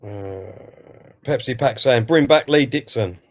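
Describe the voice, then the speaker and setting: A man's voice: mid-range voice, measured pace. A man co-hosting a football watch-along stream, giving live commentary and reading out viewer comments before giving his own view. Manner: chatty, reads out chat messages and then gives his view.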